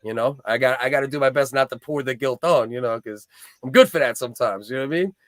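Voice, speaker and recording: A man's voice: mid-range voice, quick pace, a bit bright, no room sound, clean studio sound. A man, hosting a casual livestream and telling rambling, profane, heated stories. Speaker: livestream host.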